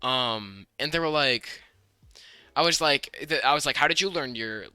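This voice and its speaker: Young American man, podcast co-host; very bright, dry-miked, rambling and restarting. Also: mid-range voice, clean tone, dry recording. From United States. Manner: rambling, many restarts, fast bursts. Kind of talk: casual chat.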